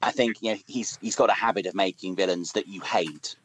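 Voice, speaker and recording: A man co-hosting a casual podcast, speaking in a measured way with dry humor. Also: low voice, poor audio. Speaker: podcast co-host.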